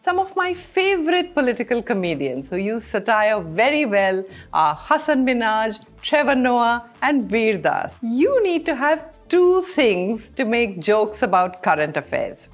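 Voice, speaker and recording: A woman hosting a scripted explainer, bright and expressive. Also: on the high side, unhurried, few pauses, faint music behind. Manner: bright, clear, expressive delivery. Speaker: host.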